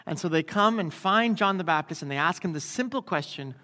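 A man's voice: high-pitched, expressive, brisk, sharp tone. A man preaching a sermon in a church in a conversational way, often checking in with the congregation by asking "right?". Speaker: pastor. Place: church sanctuary. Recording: long hall reverb.

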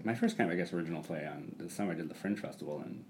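Deep-voiced young man hosting, hesitant. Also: very fast, darkish tone, a little hiss or hum. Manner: hesitant questions, lots of yeahs, repeats words. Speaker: host. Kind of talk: casual interview chat.

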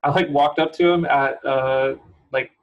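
A man's voice: medium pitch, fairly even intonation, a little slow, lo-fi sound. A man from San Francisco chatting as a podcast guest, telling rambling stories with many fillers and laughs. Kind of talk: casual chat.

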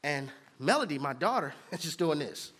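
Animated high-voiced preacher. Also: male voice, normal speed, noisy background. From Houston, Texas. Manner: swings between hushed lows and loud, near-sung peaks. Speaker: pastor. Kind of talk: sermon with prayer.

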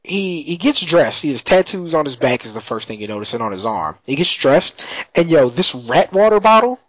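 A man's voice: fairly high pitch, big pitch swings, moderate pace, no room sound. A man in casual chat, retelling a TV episode in a laid-back, slangy way with frequent laughs. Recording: dry, slightly muffled lo-fi audio.

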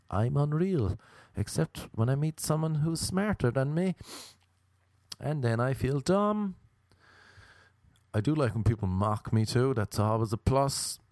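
A man's voice: on the low side, a little mellow, no echo, clean studio sound. Sardonic Irish man ranting. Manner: rambling and sardonic. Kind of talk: comedic rant.

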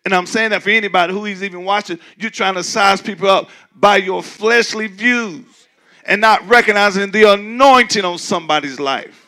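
A male pastor with a high, bright, gravelly voice delivers a sermon in a relaxed, conversational style. He swings from low, muttered asides to shouted points. When he quotes skeptics, he jumps into a squealing, mocking voice. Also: moderate pace.

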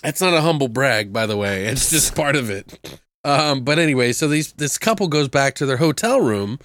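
A man hosting a casual chat, retelling a film with swearing, laughs and quotes acted out in high voices. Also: normal speed. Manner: animated storyteller, swears freely, acts out quotes in high voices. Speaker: podcast host reviewing a film.

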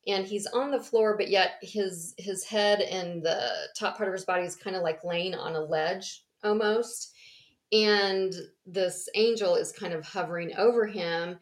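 A woman casually retelling a story in a rambling, animated way, laughing often and acting out the voices. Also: mid-range voice, slow. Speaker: podcast co-host.

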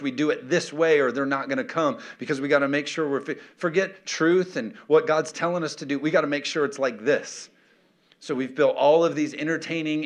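A middle-aged male pastor preaching emphatically, firing off rhetorical questions and calling for amens. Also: mid-range voice. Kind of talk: sermon.

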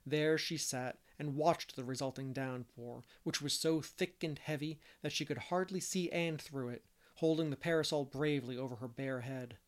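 A man reading a classic novel aloud as an audiobook narrator, steady and measured. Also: medium pitch. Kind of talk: scripted narration.

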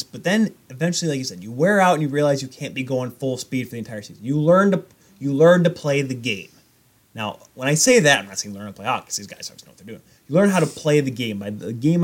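A young man co-hosting a podcast, rambling in casual chat about hockey and goaltending. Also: medium pitch. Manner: animated, rambling hockey talk. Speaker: podcast co-host.

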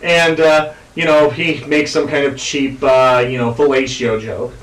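A man's voice: medium pitch, steady tone, unhurried, a bit bright, recorded from a distance. A man hosting a podcast, rambling crudely with lots of fillers, in an echoey room away from the mic. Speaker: podcast host. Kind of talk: casual chat.

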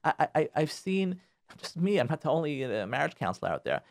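A man giving marriage advice on a radio talk show, his fairly high voice leaping up and down as he stresses each point. He repeats himself for emphasis, and the sound is close and dry. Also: big pitch swings, a little fast, vocal fry, no echo.

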